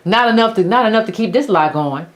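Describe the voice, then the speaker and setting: Blunt, animated woman commentator. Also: medium pitch, fast talker. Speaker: host of a political commentary channel. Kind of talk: opinionated commentary monologue.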